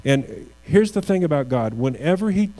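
A man's voice: fairly high pitch, sing-song, normal speed, mellow, low-quality recording. A man preaching a sermon as a pastor, earnest, with restarts and rising emphasis on key phrases.

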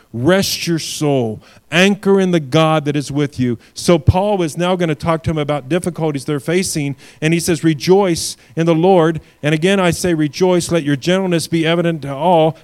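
A man's voice: a little high, normal speed, few pauses, darkish tone, smooth. A male pastor delivering a sermon, reading scripture aloud and building to emphatic peaks.

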